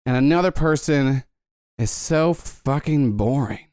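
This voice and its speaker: A man's voice: medium pitch, measured pace, a little mellow, no room sound, studio quality. A man narrating as game master of a tabletop game, rambling with many fillers.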